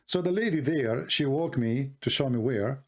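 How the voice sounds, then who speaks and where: A man's voice: medium pitch, expressive, moderate pace. A man from the Middle East with an Arabic accent, talking in a mocking, ironic monologue full of rambling asides. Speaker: online commentator. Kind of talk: sarcastic monologue.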